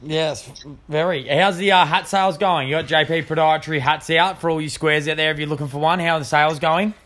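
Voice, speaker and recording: A man's voice: fairly high pitch, fairly even intonation, brisk, a bit bright. A man co-hosting a show, teasing and joking in casual chat. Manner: jokey, teasing banter. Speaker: podcast co-host.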